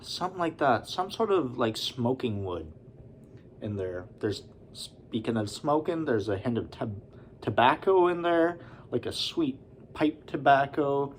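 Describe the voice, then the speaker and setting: Slow easygoing guy rambling through a beer review, lots of ums, faint room hum. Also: medium pitch. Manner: relaxed, rambling, with many fillers and asides.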